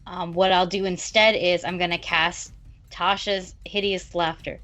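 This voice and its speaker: A woman's voice: fairly low pitch, little pitch movement, a little slow, background noise. A woman playing in a tabletop game, talking casually with lots of hesitations and some swearing. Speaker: player.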